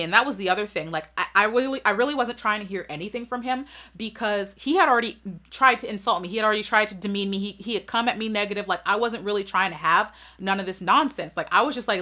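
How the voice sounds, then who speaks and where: A woman's voice: mid-range voice, fast talker, sharp tone. A woman hosting her channel, telling a storytime vlog in a sassy, emphatic way and often checking in with her audience. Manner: sassy, emphatic, keeps asking "right?". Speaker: channel host.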